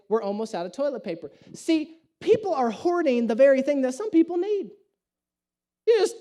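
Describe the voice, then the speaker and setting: A man's voice: very high voice, dark tone. A man, a pastor preaching a sermon and telling a story with humor and animation. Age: 30s.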